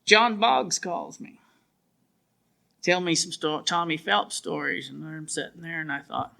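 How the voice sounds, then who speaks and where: A man's voice: fairly high pitch, a little slow, gravelly, pushed and bright. A man, telling his testimony at a church revival in a plainspoken, folksy storytelling way. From southwestern United States. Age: 50s. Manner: plainspoken storyteller with rural grammar. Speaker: preacher giving testimony.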